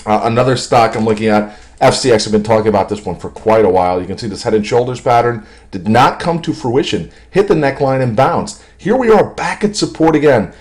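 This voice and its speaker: A man giving a casual, jokey stock market commentary over charts, self-amused and animated. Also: medium pitch, a little fast.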